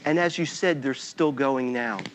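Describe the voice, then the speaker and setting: A man voicing a patient mother who gently explains a lesson to her young son. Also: medium pitch, a little hiss or hum, voice pushed down, natural voice. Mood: gentle. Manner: calm, gentle, explaining slowly.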